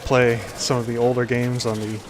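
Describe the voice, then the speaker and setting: A man's voice: medium pitch, flat delivery, normal speed, noisy background. A man hosting a casual gameplay commentary, rambling with lots of fillers. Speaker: gaming video host.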